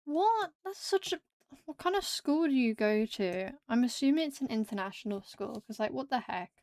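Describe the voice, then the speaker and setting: A woman's voice: fairly high pitch, animated, a little fast, darkish tone, no room sound, studio quality. A young British woman with a British English accent, chatting casually with her viewers while she draws, laughing often and exclaiming at the chat. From Britain. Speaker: streamer.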